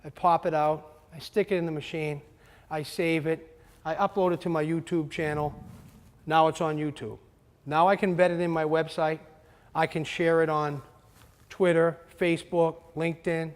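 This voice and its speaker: A man presenting a marketing workshop to a live audience, energetic and often checking in with questions. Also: fairly high pitch, moderate pace. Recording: long hall reverb.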